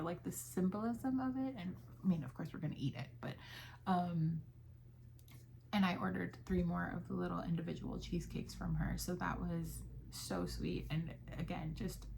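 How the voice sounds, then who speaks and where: Chatty young woman with gravelly fry. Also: on the low side, mellow, a little hiss or hum. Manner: chatty, with fillers and quoted dialogue. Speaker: crochet vlogger. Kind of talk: casual chat.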